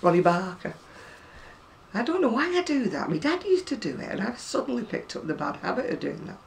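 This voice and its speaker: A woman's voice: fairly high pitch, sing-song, a little fast, gravelly. An older woman chatting casually to camera about her crochet, rambling and self-deprecating. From England. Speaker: crochet vlogger. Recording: distant mic with faint room noise.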